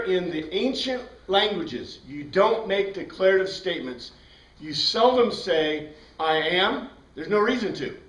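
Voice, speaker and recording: High-voiced man teaching from across a room. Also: fairly bright tone. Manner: explains step by step, quizzing the class. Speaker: Bible class teacher. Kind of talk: classroom lecture. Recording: roomy sound from a distant mic.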